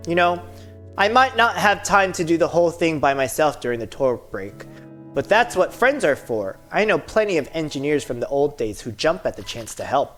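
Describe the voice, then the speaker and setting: A woman's voice: deep voice, expressive, normal speed. A woman reading aloud the lines of a young female Octoling engineer who stays up all night, in a chatty, upbeat, self-mocking way. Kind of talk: reading game dialogue aloud. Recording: game music behind voice.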